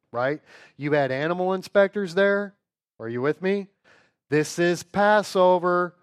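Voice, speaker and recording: A man teaching an informal Bible lesson in an animated, joking way, often checking in with rhetorical questions. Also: on the high side.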